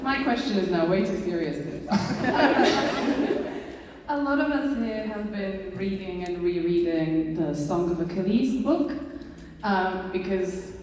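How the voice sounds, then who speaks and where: A woman's voice: mid-range voice, slow pace. A woman from London asking a question from the audience at a convention, earnest with nervous laughs. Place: large convention hall. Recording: echoey hall from far off with loud crowd. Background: audience noise.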